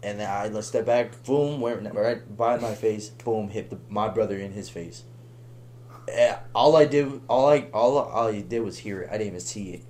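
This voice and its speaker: A young man telling a long story on a podcast in a casual, animated way, laughing and acting out the voices of the people in it. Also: lowish voice, moderate pace, a little hiss or hum. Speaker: podcast guest.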